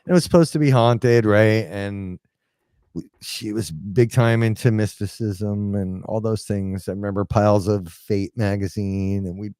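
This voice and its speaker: Low mellow guy rambling thru a story, lots of ums and likes, dry sound. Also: measured pace, clear, resonant tone, no room sound. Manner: rambling, filler-heavy, drops into quoted dialogue. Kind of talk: casual storytelling.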